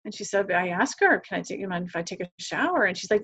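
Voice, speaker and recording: A woman's voice: medium pitch, very animated, fast, hardly any pauses, a bit bright, slightly rough, highs cut off. A woman guest on a podcast talking earnestly about parenting, acting out quoted conversations as she tells stories. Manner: earnest, enthusiastic, acts out quoted dialogue. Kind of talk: podcast interview, animated storytelling.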